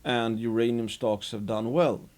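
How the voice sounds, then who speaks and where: A man giving casual, unhurried investing commentary as host of his own show, rambling a bit with restarts. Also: mid-range voice, steady tone, a little mellow.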